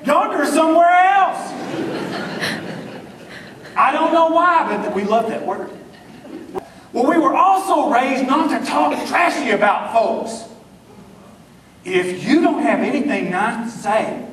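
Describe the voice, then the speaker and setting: Man, Southern US accent, very high voice, folksy drawling humor, echoey hall, distant mic. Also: slight background noise. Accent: Southern US rural. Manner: folksy storytelling, drawling jokes. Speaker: speaker. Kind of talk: humorous speech to an audience. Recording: echoey room, mic from far off.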